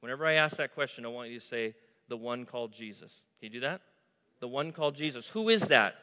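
Man, pastor preaching, call-and-response, bright forceful tone, long hall reverb. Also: medium pitch, fast talker, clean tone. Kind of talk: sermon. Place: church sanctuary.

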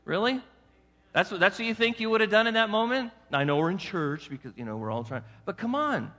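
A male pastor preaches in a bright, forceful voice that sits somewhat high. He coaxes his congregation with rhetorical questions. His voice rings out in a church hall with a long reverb. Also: animated, fast. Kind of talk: sermon.

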